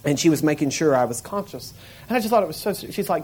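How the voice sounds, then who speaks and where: A man tells a story from his own life, full of energy and quick laughter, slipping into the voices of the people in it. His voice sits a little higher than most men's. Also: lively intonation, darkish tone, breathy edge. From Florida panhandle, USA. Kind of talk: personal storytelling.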